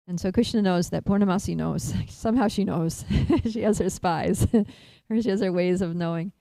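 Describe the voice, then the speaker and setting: A woman speaker at a temple feast, telling a devotional story in an animated way, laughing often and using many fillers. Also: lowish voice, normal speed, creaky, few pauses, dry recording, rough recording.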